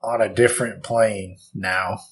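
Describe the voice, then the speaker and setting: A man playing a tabletop game, speaking plainly and deadpan as his character. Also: fairly low pitch, measured pace, a crowd in the background. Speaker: player.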